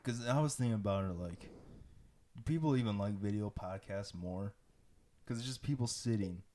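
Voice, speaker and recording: A man's voice: fairly low pitch, normal speed, dark tone. A young man co-hosting a casual podcast, joking around and riffing on absurd bits. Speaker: podcast co-host. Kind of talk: casual chat.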